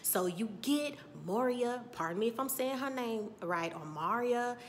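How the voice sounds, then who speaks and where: A woman giving a casual, animated TV episode recap, chatty and sassy as she acts out scenes. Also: on the high side, measured pace, a little hiss or hum. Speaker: TV recap vlogger.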